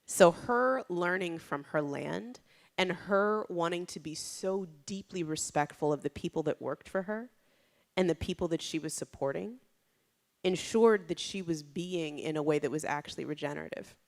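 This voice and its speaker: A woman's voice: lowish voice, moderate pace. A woman giving a conversational keynote talk at a conference. She tells stories informally, often saying "like" and "you know", and raises her voice when she acts out what people said. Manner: lively, dramatizes quotes with raised voice. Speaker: conference speaker.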